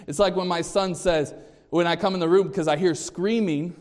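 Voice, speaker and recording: A man's voice: steady tone, a little mellow. Emphatic male pastor in a reverberant hall. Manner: emphatic, often rising in pitch and volume, quizzing the congregation; repeats and restarts words, measured and deliberate in places. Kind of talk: sermon.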